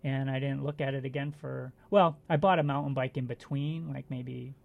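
A middle-aged man with a gravelly, fry-laden voice is a guest in a casual chat. He talks in halting bursts with plenty of fillers and restarts, at an ordinary middle pitch. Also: fairly even intonation, phone-quality sound. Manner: halting, filler-heavy recollection. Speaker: guest, former bike racer. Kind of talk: casual conversational storytelling.

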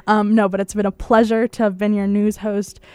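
Young woman, college radio news host, croaky voice, casual and chatty with frequent laughs. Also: mid-range voice, little pitch movement, moderate pace, a little mellow, dry recording. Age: young adult. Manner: chatty, laughs often, fillers like "um".

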